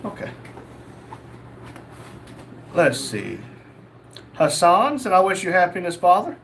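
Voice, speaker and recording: A man's voice: high-pitched, huge pitch swings, slow pace, vocal fry, noisy background. A young man hosting a casual livestream, reading chat messages aloud and joking.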